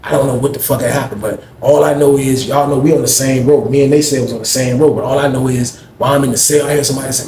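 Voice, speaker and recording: A man casually telling a story in a slangy, animated way, recorded in an echoey room. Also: medium pitch, fast, hardly any pauses, slight background noise.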